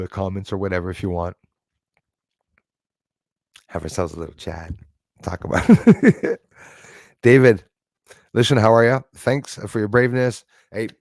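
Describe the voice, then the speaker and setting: In a mid-range voice, a Canadian man running a livestream goes through comments, thanking viewers in a casual, rambling chat full of fillers. It's studio quality with no room sound.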